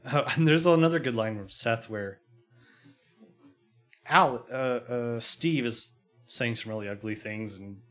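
A man's voice: medium pitch, measured pace, long pauses, fairly bright tone. Male podcast host, casual recap, giggles a lot, quotes characters. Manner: laughs often, acts out quotes.

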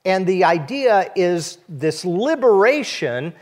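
A man's voice: sits high, big pitch swings, slow pace. A man preaching an Easter sermon as pastor, in a conversational, explanatory way.

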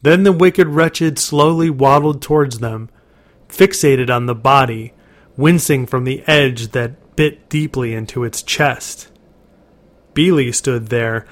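A man narrating a dark storybook in a measured, dramatic reading. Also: medium pitch.

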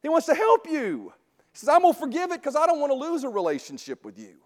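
A man teaching a sermon in a conversational way, often checking in with a quick "right?". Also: very high voice, wildly swooping pitch. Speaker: preacher teaching a Bible series. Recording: long hall reverb.

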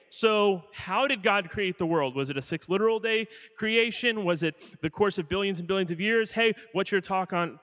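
A man's voice: sits high, sharp tone. A man preaching a sermon as pastor in a casual, joking way, asking the audience questions as he goes. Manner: conversational, jokey, quizzes the audience. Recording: long hall reverb.

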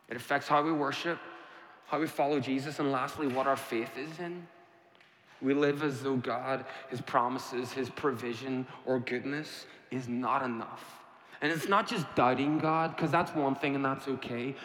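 A man's voice: fairly high pitch, fairly bright tone. A man preaching a sermon, emphatic and repetitive, posing rhetorical questions to his congregation. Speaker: pastor. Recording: echoey hall reverb.

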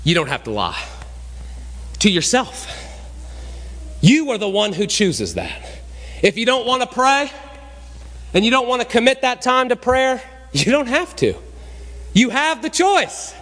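A man preaches from the pulpit, his tone high and sweeping up and down. He presses his points hard, then drops to a hush. His voice rings out with the long reverb of a church sanctuary. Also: big pitch swings, measured pace, pauses often. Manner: emphatic, swinging between raised and hushed delivery. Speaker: pastor. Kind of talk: sermon.

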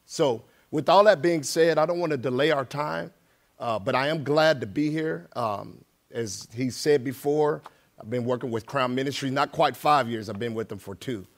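In a church sanctuary, a middle-aged guest preacher delivers a sermon with prayer and scripture reading. His medium-pitched voice moves at a moderate pace, plain and conversational at first but growing more emphatic as he reads scripture.

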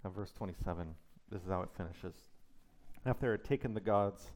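A man's voice: sits low, fairly quick, a little mellow. Middle-aged male pastor, conversational sermon, emphatic with rhetorical questions.

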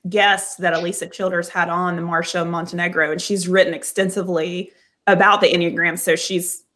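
A woman's voice: lowish voice, level tone, a little fast, fairly bright tone. A woman co-hosting a casual Christian podcast discussion, talking earnestly and reading quotes aloud carefully. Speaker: podcast co-host.

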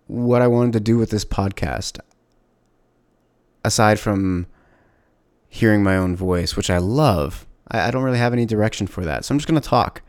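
A man hosting his own solo podcast, talking candidly and reflectively, pausing and restarting often. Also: fairly low pitch, a little mellow, no room sound, clean studio sound. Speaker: podcast host. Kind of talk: casual solo podcast monologue.

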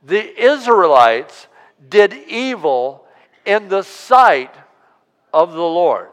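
A man's voice: high-pitched, sing-song, fairly bright tone, big-room sound. A man preaching a sermon as pastor, drawing out key words and asking the congregation to respond aloud. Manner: preaching with call-and-response, drawn-out emphasis. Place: church sanctuary.

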